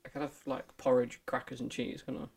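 A man hosting a free-flowing chat, with playful teasing. He talks quickly at a mid pitch. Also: level tone, vocal fry, husky. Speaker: podcast host. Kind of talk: casual chat.

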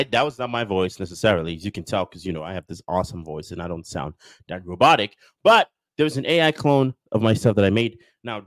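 A man hosting a casual podcast, rambling and repeating himself with lots of fillers, upbeat like a sales pitch. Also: fairly bright tone, dry recording. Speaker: podcast host.

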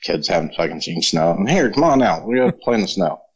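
Low guy swearing through old boot camp stories, dull muffled audio. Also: animated, fast, slightly rough. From Florida. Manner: profane, laid-back storyteller. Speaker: podcast guest, former Marine. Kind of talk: casual chat, storytelling.

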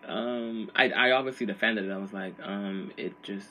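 A man's voice: fairly low pitch, moderate pace, few pauses, bright, forceful tone, slight background noise. A man chatting casually on a podcast, rambling and profane, full of slang and restarts. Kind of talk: casual chat.

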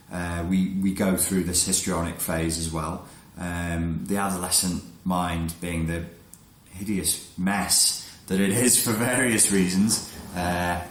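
A man talking in a frank, casual monologue, blunt and prone to restarting his sentences, who says he works with adolescents. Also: sits low. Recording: echoey room.

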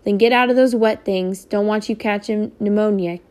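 Audiobook woman voicing an anxious mother, urgent and firm, a touch higher. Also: fairly even intonation, moderate pace, a little mellow, natural voice. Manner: urgent, worried. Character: anxious determined mother of a farm family.

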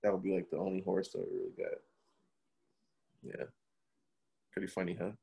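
A man's voice: low voice, monotone, fairly quick, vocal fry, mellow, husky. A young man in casual chat, animatedly telling a story, swearing and acting out the quotes.

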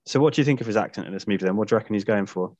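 A man appearing as a guest on a film podcast, talking in a measured, conversational way. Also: lowish voice, darkish tone, no room sound, dull audio. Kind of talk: casual film discussion.

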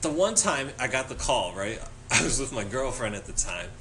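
A man hosting a podcast, telling an animated, funny story, laughing and swearing freely as he goes. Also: mid-range voice, moderate pace, slight background noise. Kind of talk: casual storytelling chat.

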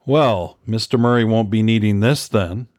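A man's voice: fairly low pitch, normal speed, darkish tone, no room sound, clean studio sound, natural voice. A man voicing a sardonic, wisecracking male operative in an audiobook. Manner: sardonic, joking.

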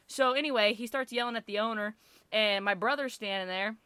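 A woman casually telling a family story, animated and full of fillers, with bursts of swearing. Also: mid-range voice, a little fast, smooth, no echo. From Italian-American family. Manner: animated, lots of fillers, swears, acts out quotes loudly.

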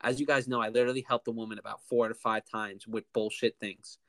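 A man in his twenties telling a story in a casual, animated way, often saying "like", as a podcast host. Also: on the low side, quick pace, no room sound. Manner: animated, heavy use of "like".

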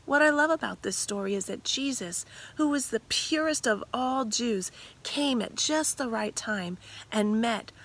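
A woman retelling a scripture story dramatically, animated and often dropping to whispers. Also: on the high side, measured pace.

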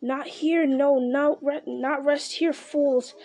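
A woman's voice: sits high, fairly even intonation, slow pace, a little mellow, voice pushed up. A woman doing a frantic hissing creature. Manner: hissing, urgent whispers.

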